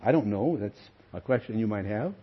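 A man's voice: on the low side, lively intonation, normal speed, husky, dull audio. An older man, a pastor, preaching a sermon with earnest emphasis and calling his listeners friends.

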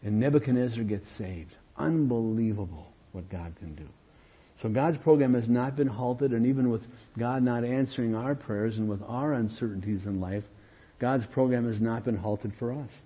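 A man's voice: mid-range voice, normal speed, husky. A male pastor teaching an evening Bible study, explaining verses and often checking in with "okay?". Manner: explanatory, keeps asking "okay?". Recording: dull lo-fi recording.

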